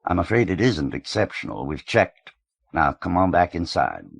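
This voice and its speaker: A man's voice: low voice, sing-song, normal speed, creaky, husky, heavily acted. A man reading a curt, impatient man. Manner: curt, firm, dismissive.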